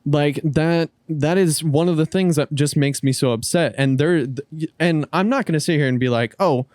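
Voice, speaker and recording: A man's voice: a little high, moderate pace, a little mellow, dry recording, clean studio sound. A man co-hosting a casual podcast, rambling through his point with frequent restarts and casual swearing. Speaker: podcast co-host.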